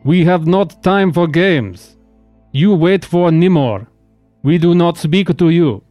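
A stern male Duergar warrior, played by a man running a tabletop game, speaks in slow, halting, formal phrases. His voice sits a touch high for a man. Faint music plays underneath. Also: no room sound, highs cut off. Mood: dismissive.

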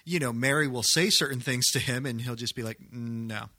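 A man's voice: medium pitch, fast, pushed and bright, slightly rough. A man hosting a podcast, talking in a thoughtful, hesitant way with many fillers. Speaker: podcast host. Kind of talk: casual discussion.

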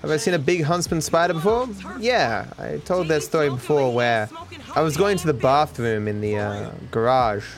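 A man's voice: fairly high pitch, animated, moderate pace, gravelly. A young man, a streamer rambling casually, candid and self-deprecating, swearing freely.

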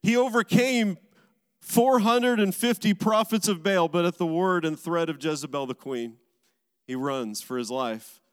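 A man's voice: high voice, a little slow, clean tone. A man preaching a sermon as a pastor, driving his points home with emphatic repeated phrases. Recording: large hall with long reverb.

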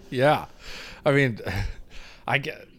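A man's voice: mid-range voice, drawn-out words. Joking man hosting a podcast. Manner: relaxed, joking, teasing interviewer. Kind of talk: casual podcast chat.

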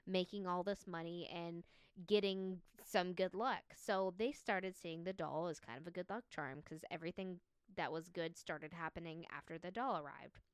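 A woman's voice: lowish voice, normal speed, smooth, dry recording, studio quality. A woman co-hosting a podcast, telling a spooky story in a chatty way, full of "like" and easy laughter. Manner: chatty, laughs easily, many "like" fillers. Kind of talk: casual storytelling chat.

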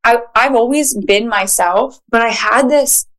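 A woman with a Philadelphia accent, a guest on a podcast, telling stories in an animated, casual way with lots of "like.". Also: fairly high pitch, a little slow. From Philadelphia, USA. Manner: animated storyteller, frequent "like".

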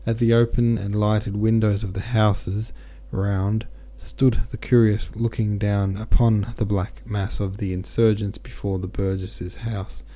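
A man's voice: fairly low pitch, unhurried, few pauses. A man narrating a classic novel as a podcast host, reading steadily and sometimes correcting slips. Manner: steady, with occasional self-corrections. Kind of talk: audiobook narration.

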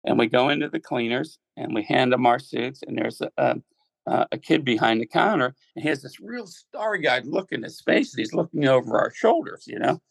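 Older male guest, gravelly voice, dry close sound, rambling storyteller. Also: medium pitch, lively intonation, brisk, dry recording, low-quality recording. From Ohio, United States. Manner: rambling, repeats words, acts out quotes. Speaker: musician guest. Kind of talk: casual storytelling interview.

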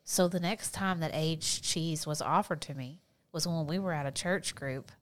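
A woman tells stories in a casual chat, her voice sitting a little low. She is animated and laughs readily, dropping the odd swear word. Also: normal speed. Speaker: podcast co-host.

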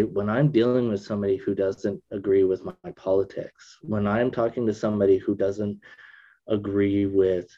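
A man in casual conversation, thinking aloud with restarts, usually subdued but getting emphatic when excited. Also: lowish voice, muffled recording.

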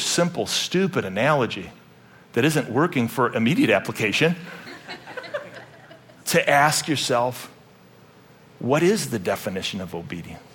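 A man's voice: medium pitch, fairly bright tone, husky. A middle-aged man preaching a sermon as pastor, with joking, rambling asides and playful self-deprecation.

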